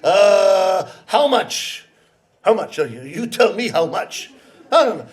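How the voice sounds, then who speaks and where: A man putting on a sly rickshaw puller who drags out each word in a coy, unhurried way. His voice sits high, and it is rakugo storytelling on stage. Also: very animated, full character voice. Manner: slow, drawn-out, coy. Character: sly, slow-talking male rickshaw puller who dodges prices.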